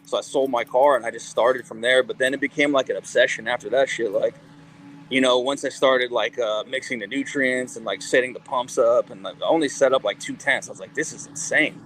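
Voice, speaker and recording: A man in a mid-pitched voice spins loose, rambling stories for an interview, swearing freely and packing every sentence with fillers. He slips into quoted dialogue as he goes, with faint background noise behind him. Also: fairly even intonation, brisk, fairly bright tone, low-quality recording. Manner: rambling, profane, full of "like" fillers. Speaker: guest, cannabis company CEO and musician. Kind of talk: casual interview storytelling.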